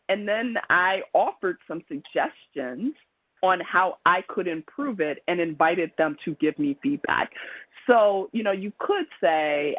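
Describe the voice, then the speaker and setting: A man's voice: fairly high pitch, no room sound. A man presenting a webinar as a trainer, speaking in a chatty, conversational lecture style with frequent ums and restarts over a video call. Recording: tinny phone-like call audio.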